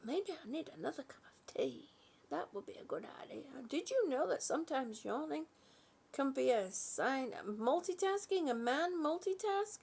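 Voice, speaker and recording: A woman hosting a relaxed live chat from her home, greeting viewers by name, yawning, laughing and often losing her train of thought. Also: sits high, moderate pace, creaky. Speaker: livestream host.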